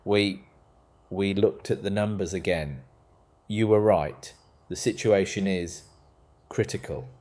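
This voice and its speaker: A man's voice: low voice, slow pace, pauses often, darkish tone. A man doing a desperate proud brother. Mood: pleading. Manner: pleading, tight, bargaining.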